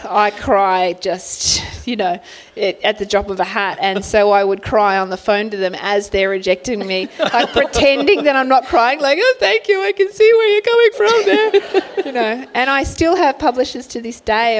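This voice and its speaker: Aussie woman author, chatty and giggly, telling funny stories, middle pitch. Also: a little hiss or hum. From Australia. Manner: chatty, laughing, animated anecdotes. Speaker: author guest. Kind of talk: casual storytelling on a panel.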